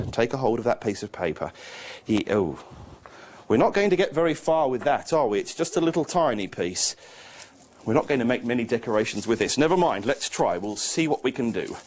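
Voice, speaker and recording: A man's voice: medium pitch, a little mellow. A man performing a children's magic show, coaxing a young volunteer with playful, mock-confused patter.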